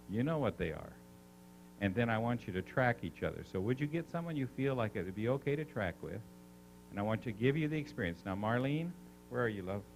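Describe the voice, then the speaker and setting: A man leading a live seminar, an animated storyteller who coaxes the audience with questions. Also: fairly low pitch, slight background noise, low-quality recording. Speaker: seminar speaker.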